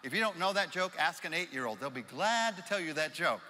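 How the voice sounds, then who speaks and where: A pastor preaching a sermon, swinging from loud calls down to soft near-whispers. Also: male voice, a little high, expressive, a little fast. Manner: dynamic, swings from shouting to hushed whispers. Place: church auditorium. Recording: reverberant church hall.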